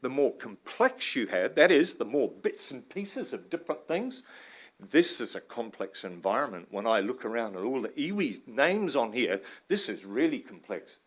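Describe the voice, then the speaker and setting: A man's voice: medium pitch, sing-song, moderate pace, slightly rough. Joking Australian-accented man giving a talk. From New Zealand. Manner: joking, informal, swears mildly, bursts into laughing loud asides. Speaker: guest speaker, river science professor. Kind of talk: conference talk. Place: large conference room.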